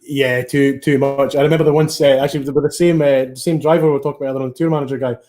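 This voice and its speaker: A man's voice: mid-range voice, fairly even intonation, very fast, a little mellow. A Scottish man telling stories as a guest in a casual radio interview, rambling with many restarts. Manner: rambling, full of restarts and fillers. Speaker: guest musician.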